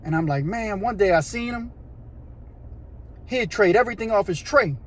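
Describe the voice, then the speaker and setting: A man telling a prison story in a casual, animated, slangy way, acting out voices and sounds. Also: high-pitched, normal speed, a little hiss or hum. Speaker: storyteller recounting prison life.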